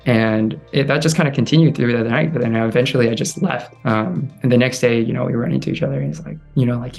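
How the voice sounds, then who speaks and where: Soft-spoken young American man, halting. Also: medium pitch, steady tone, vocal fry, soft background music. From California, USA. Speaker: abuse survivor sharing his story. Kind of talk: personal testimony to camera.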